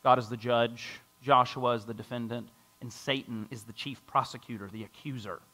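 A man's voice: medium pitch, normal speed. A man preaching a sermon to a congregation, reading scripture and acting out a doubter's voice. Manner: lively preaching with a mocking skeptic voice and scripture reading. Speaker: pastor.

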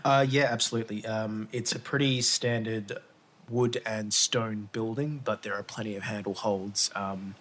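Relaxed man narrating a tabletop game. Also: on the low side, normal speed. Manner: relaxed, hesitant narration with fillers. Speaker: game master.

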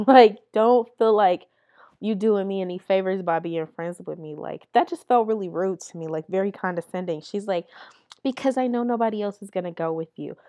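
A woman's voice: medium pitch, a little fast, warm tone. A young adult woman hosting a podcast, telling candid stories in a blunt, profane way and laughing as she goes. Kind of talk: candid storytelling chat.

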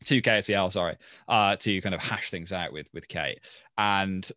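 A man's voice: low-pitched, normal speed, sharp tone, no room sound. Male podcast co-host, wry rambler, dead dry sound. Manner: wry, rambling, many ums. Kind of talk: casual chat.

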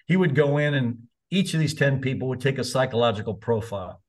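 A man's voice: mid-range voice, expressive, brisk. A man in his seventies, a college soccer coach, telling stories in a casual, candid way with the odd mild curse. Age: 70s. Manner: chatty, candid, mildly profane. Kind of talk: casual anecdotal storytelling.

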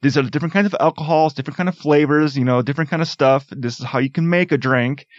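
A man's voice: a little high, fast talker, dry recording. A man in a casual podcast chat, rambling with many fillers and frequent swearing. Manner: rambling, says "like" a lot, swears. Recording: dry, dull lo-fi sound.

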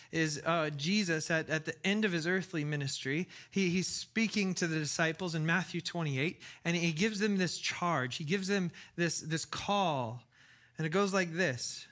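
Male preacher, casual conversational sermon, enthusiastic, stumbles and restarts a lot, somewhat high pitch. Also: a bit bright. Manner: chatty, enthusiastic, with frequent restarts and laughs. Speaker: pastor.

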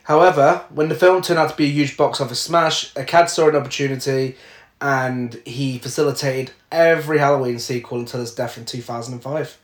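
A man's voice: medium pitch, steady tone, a little fast, reverberant. A man co-hosting a casual chat, reading film trivia aloud with frequent "uh"s and laughs. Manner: reads facts aloud with frequent uhs and laughs.

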